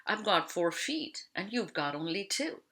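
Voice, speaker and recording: A woman's voice: on the low side, sing-song, a little slow, a bit bright. A woman voicing greedy, bullying male tigers in a read-aloud storybook. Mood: gruff.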